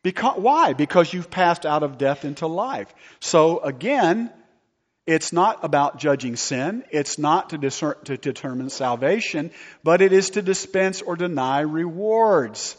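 A man preaching a sermon as pastor, animated and firing rhetorical questions at his listeners. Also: on the high side, unhurried. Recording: long hall reverb, dull lo-fi sound.

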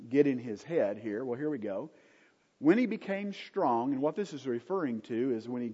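Husky, lively male Bible teacher. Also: medium pitch. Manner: emphatic, asks the listeners rhetorical questions. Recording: dull, lo-fi recording in an echoey hall.

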